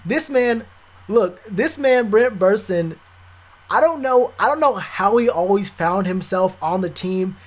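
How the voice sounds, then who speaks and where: A young man streaming live, chatting casually with viewers, animated and repetitive, full of slang. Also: sits high, measured pace. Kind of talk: live stream reaction chat.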